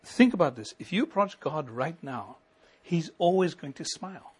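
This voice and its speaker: A middle-aged man preaches from the pulpit with a husky, slightly breathy voice that sits a little high for a man. His delivery swells into ringing emphasis and then falls back to a hushed, close tone. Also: animated, moderate pace. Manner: preaching with rising emphasis and sudden soft drops. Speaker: pastor. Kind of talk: sermon.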